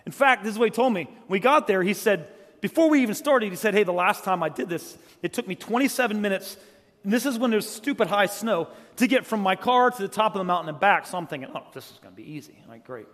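A middle-aged man from South Carolina preaching from a church stage, with a voice that sits high for a man. He talks in a loose, joking way, and his words ring out with a long hall reverb behind them. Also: animated, fast talker. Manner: joking, conversational, swings from loud storytelling to quiet earnest. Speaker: guest preacher. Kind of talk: humorous storytelling sermon. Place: church sanctuary.

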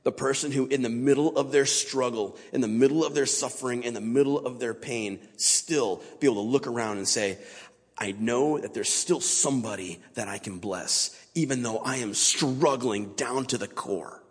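A man with a slightly husky, breathy voice preaches informally to a church congregation, loose and conversational rather than polished. His voice carries a long reverb that rings through the large sanctuary. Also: mid-range voice, moderate pace. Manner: casual, conversational, plain-spoken. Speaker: guest speaker at a church. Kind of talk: informal sermon.

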